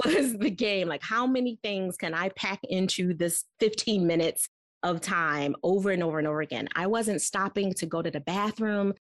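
A woman in her forties telling a personal story as a guest, candid and animated, laughing often as she talks. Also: mid-range voice, no room sound.

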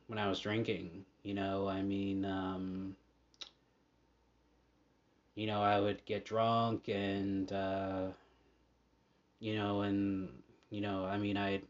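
Slow, halting podcast host man. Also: lowish voice. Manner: halting, many fillers and restarts. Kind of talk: casual monologue. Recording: dull lo-fi audio.

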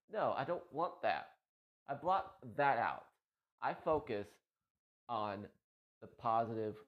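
A man streaming on Twitch, talking to his viewers in a rambling, heartfelt way, often repeating himself and getting emotional. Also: on the low side. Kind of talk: casual heartfelt talk to viewers. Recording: dull lo-fi stream mic.

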